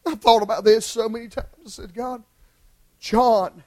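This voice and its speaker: A male preacher delivering an impassioned sermon in church, swinging from hushed lines to shouted ones. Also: very high-pitched, fairly even intonation, moderate pace, poor audio.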